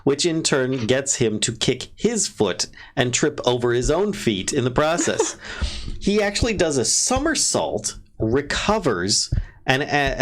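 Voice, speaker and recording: A man runs a tabletop game as dungeon master, taking his time with every sentence. He chuckles often and corrects himself as he goes, easygoing and unhurried. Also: medium pitch. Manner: laughs often, relaxed and unhurried with restarts.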